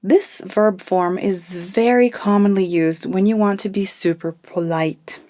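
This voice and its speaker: A woman teaching a language lesson, explaining grammar calmly and modelling example phrases clearly. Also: medium pitch, measured pace. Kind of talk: scripted lesson narration.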